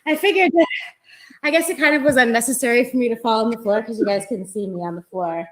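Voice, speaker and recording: Theatrical woman, high voice, echoey call. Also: fast. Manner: overwrought, theatrical. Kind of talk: comedic melodrama.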